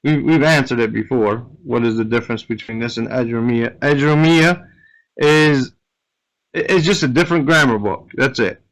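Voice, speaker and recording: A man's voice: medium pitch, normal speed, a bit bright, rough recording. A man teaching an Arabic grammar lesson, explaining step by step and often checking with "right?".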